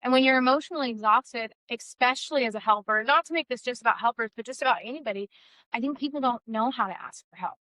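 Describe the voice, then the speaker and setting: A woman's voice: a little high, fast, pushed and bright, dry recording. A woman co-hosting a podcast, talking candidly and bluntly about recovery and shame, swearing freely and stressing her words. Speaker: podcast co-host. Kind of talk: candid casual chat.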